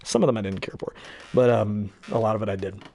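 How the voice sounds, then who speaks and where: A hobby voice actor with a fairly low, steady, slightly mellow voice talks fast about his favorite voices. He rambles chattily between impressions, full of ums and throat-clearing.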